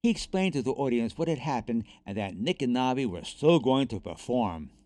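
A man reads a children's chapter book aloud, expressive and animated. His pitch swings widely through the lines, and the recording is dry with no room sound. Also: moderate pace, no echo. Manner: lively, expressive read-aloud. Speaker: narrator. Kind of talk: storybook reading.

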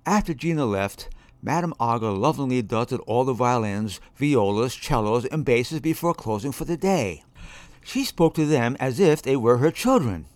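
Brief: male storyteller, very lively pitch, dry close sound. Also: moderate pace, dry recording. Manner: expressive, shifting voices. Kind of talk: children's story reading.

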